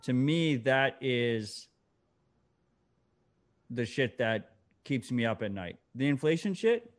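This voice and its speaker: A man's voice: medium pitch, slow. A man co-hosting a casual podcast, blunt and teasing, swearing freely. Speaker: podcast co-host. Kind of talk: casual chat.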